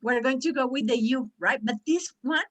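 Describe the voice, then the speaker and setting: Bright animated woman teacher, Spanish native. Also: sits high, moderate pace. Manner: animated, exaggerated sounds to demonstrate. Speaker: English pronunciation teacher. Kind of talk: online class teaching.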